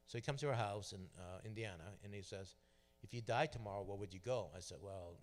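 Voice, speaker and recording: A man's voice: deep voice, quick pace. A middle-aged man sharing a personal testimony at church, telling his story and acting out the dialogue. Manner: storytelling, acts out quoted dialogue. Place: church sanctuary. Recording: long hall reverb.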